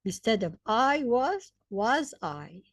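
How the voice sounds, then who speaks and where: A woman, likely a native Arabic speaker, teaching English grammar step by step, spelling out letters, repeating examples and pausing with fillers. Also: a little high, big pitch swings, dry recording, clean studio sound. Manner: hesitant fillers between points. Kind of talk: slow, deliberate grammar lesson.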